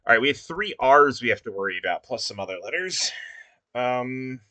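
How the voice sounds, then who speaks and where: Bright-voiced man thinking aloud. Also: mid-range voice, animated, dry recording. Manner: muttering, thinking aloud with many pauses and fillers. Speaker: puzzle maker. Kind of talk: casual think-aloud commentary.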